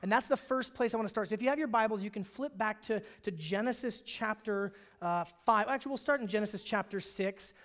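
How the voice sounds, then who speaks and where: A man's voice: sits high, a little fast, a bit bright. A man from Alaska, a pastor, preaching a sermon in a conversational storytelling way, often restarting his phrases. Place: church sanctuary. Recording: long reverb of a hall.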